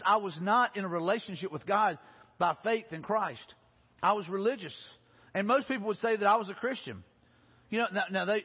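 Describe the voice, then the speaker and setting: A man preaching a sermon, telling stories in a folksy, animated way. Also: sits high, husky. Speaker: pastor. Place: church sanctuary. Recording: lo-fi recording with long hall reverb.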